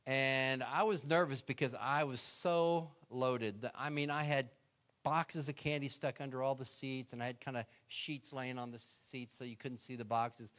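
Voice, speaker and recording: A man's voice: medium pitch, fairly bright tone. A middle-aged man, a guest speaker, telling a story in a sermon and acting out his own prayers.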